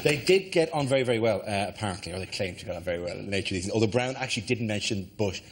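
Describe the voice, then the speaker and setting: A man's voice: fairly low pitch, lively intonation, very fast. Male panel show host, noisy room. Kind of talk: quick-witted panel show banter.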